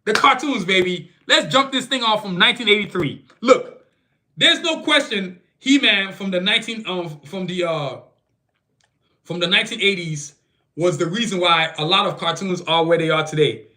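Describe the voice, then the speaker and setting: A man's voice: high-pitched, normal speed. A man hosting a solo podcast, talking casually with slang and heated, opinionated asides. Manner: animated, slangy, opinionated rants. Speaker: podcast host. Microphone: phone camera.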